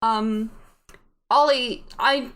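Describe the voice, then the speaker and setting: A woman playing a concerned motherly adult who calms the kids but doubts their story, in a fairly high voice. It has a casual tabletop-game feel. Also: extremely slow.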